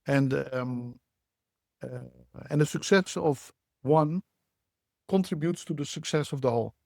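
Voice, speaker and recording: A man, a guest on a podcast, speaking in a measured, reflective way with frequent restarts. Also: a little high, vocal fry, darkish tone, no room sound, studio quality. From Netherlands. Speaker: guest, startup CEO. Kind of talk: podcast interview.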